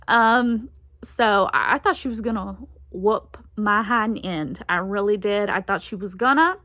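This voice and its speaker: A woman's voice: medium pitch, unhurried, bright, forceful tone, no echo, clean studio sound. A young woman telling a story from her teens in a casual, chatty way, laughing often and acting out the voices she quotes. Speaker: vlogger.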